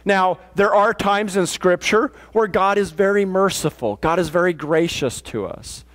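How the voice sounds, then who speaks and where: A man's voice: sits high, a little slow, a bit bright. A pastor delivering a conversational sermon in a plain-spoken, matter-of-fact way, often restarting his sentences. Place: church.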